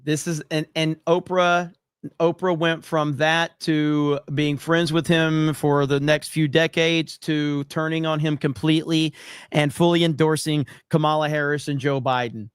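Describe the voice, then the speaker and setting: Foul-mouthed streamer man, fairly high voice. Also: measured pace, smooth, no echo, clean studio sound. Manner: blunt, swears freely, animated storytelling. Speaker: livestream host reacting to clips. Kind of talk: casual profane commentary and chat reading.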